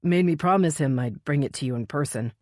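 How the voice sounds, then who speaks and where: A woman voicing a proud, grieving young man whose voice is deep and solemn. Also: fairly quick, a little mellow, no echo, studio quality, lightly acted. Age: young adult.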